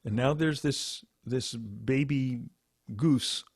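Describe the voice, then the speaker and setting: A man's voice: medium pitch, slow, husky, dry recording, clean studio sound. A man doing a fretting government official. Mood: fretful. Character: anxious male government official, fussy and worried.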